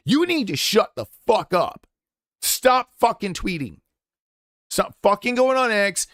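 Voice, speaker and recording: A male streamer in the middle of an unscripted rant, blunt and full of swearing. His voice sits a little high for a man. The sound is dry, with no room echo. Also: a bit bright. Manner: profane, impassioned and blunt. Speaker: game streamer.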